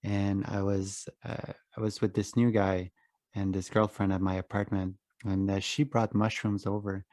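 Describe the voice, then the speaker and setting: A young man with a fairly low voice hosts a casual podcast, telling a personal story in a frank way full of swearing. He acts out his inner voice as he goes. The sound is dry and close to the mic. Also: little pitch movement, moderate pace, darkish tone, dry recording. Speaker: podcast host.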